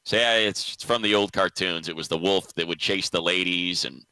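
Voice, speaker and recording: A man's voice: low voice, normal speed, pushed and bright, smooth, no room sound, rough recording. A man hosting a sports radio show, telling a story in casual chat and laughing often. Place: radio studio.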